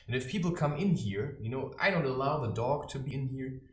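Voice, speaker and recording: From his own room, a man plays a self-styled spiritual advisor, delivering a preachy, theatrical and mocking satirical monologue to camera. His medium-pitched voice is animated and brisk, and the recording has a roomy echo.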